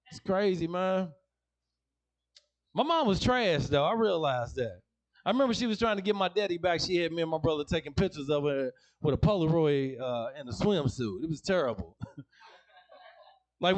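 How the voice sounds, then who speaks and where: Man, stand-up comedian, high voice, slangy storyteller, comedy club stage mic. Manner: storytelling, slangy, acts out family members.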